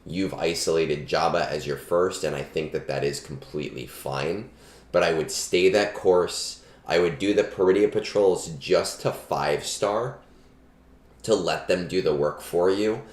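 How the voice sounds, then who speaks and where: A man with an extremely low voice talks through game strategy in a loose, rambling way, dotted with ums and asides. He records on a cheap starter microphone in a roomy, echoing space. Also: unhurried. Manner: relaxed, chatty, frequent ums. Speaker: streamer giving game advice. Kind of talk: casual live-stream chat. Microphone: budget starter microphone. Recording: echoey room, cheap mic.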